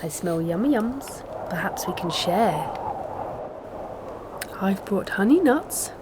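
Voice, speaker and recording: Woman reading a friendly storybook badger, cheery sing-song, slow, noisy background. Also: medium pitch, expressive. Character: friendly sharing male badger.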